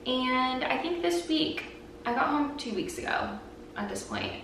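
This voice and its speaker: A woman's voice: high-pitched, measured pace. Chatty young woman in an echoey room. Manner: chatty, heavy use of "like", animated retelling. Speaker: vlogger and podcast host. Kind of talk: casual storytelling chat. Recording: very echoey room, voice from a distance, faint background noise.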